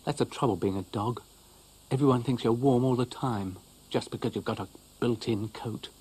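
A man's voice: medium pitch, moderate pace, warm tone, slightly rough, close to an everyday voice. A man voicing a grumpy, self-pitying male dog in a cartoon, huffing and grumbling indignantly. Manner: huffy, indignant, mutters and grumbles.

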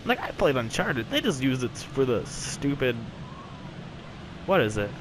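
A man's voice: medium pitch, very animated, unhurried, noisy background. Rambling young man playing a game. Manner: rambling, joking, chatty asides to the game. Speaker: gameplay commentator. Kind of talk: casual let's play commentary.

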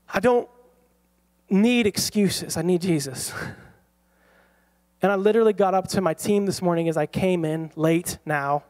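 A pastor in his thirties telling a personal story in a sermon, animated and laughing often. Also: sits high, measured pace, long pauses. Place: church.

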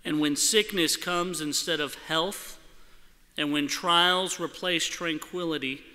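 Male preacher, high and very bright tone, animated storyteller, long church-hall reverb. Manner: animated storytelling, acts out quoted voices. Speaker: church speaker. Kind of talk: sermon with personal story. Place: church sanctuary.

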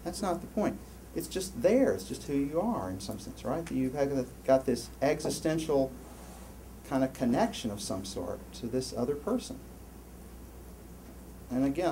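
A man giving a university lecture, rambling and animated, with many restarts and asides to the class. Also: mid-range voice, slight background noise. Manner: animated, rambling, lots of self-interruptions. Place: lecture hall.

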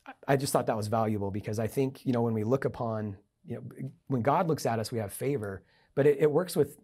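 A man's voice: medium pitch, a little fast, mellow, breathy edge. A middle-aged man, a podcast guest, telling a personal business story and acting out the dialogue. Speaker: guest, entrepreneur and investor.

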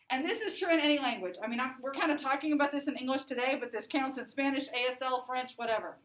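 A woman's voice: high voice, fairly bright tone, slight background noise. A woman teaching a class lecture in a conversational way, often checking in with the listeners. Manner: conversational, checks in with frequent "right?" and "okay?". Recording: echoey room, voice from a distance.

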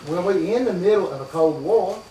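A man's voice: high voice, animated, a little fast, dark tone, recorded from a distance. Man playing patient well-off son, explaining, echoey room, hiss.

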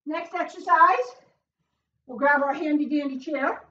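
A woman leading a home workout as a fitness instructor, cheering with loud whoops and getting out of breath as she exercises. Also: high voice, measured pace. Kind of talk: live workout coaching. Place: small closed room at home. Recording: roomy, distant, dull sound.

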